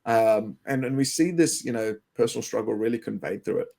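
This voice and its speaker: Male co-host, Western Sydney Australian accent, gravelly low-toned voice, loose and rambling. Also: a little fast, a little mellow. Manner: rambling, many fillers and restarts. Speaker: English teacher, podcast co-host. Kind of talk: casual educational podcast chat.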